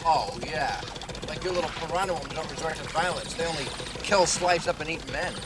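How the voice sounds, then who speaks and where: An actor playing a whiny, smug, cowardly chauvinist jungle guide in a comedy film, with music in the soundtrack. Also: male voice, fairly high pitch, brisk, heavy background noise, natural voice. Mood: teasing.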